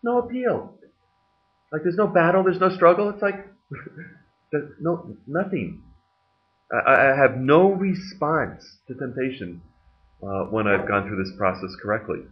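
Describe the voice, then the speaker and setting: Lively preaching man, lo-fi church tape. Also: fairly high pitch, a little slow, long pauses. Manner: conversational preaching with jokes and laughs. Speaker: pastor. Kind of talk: sermon.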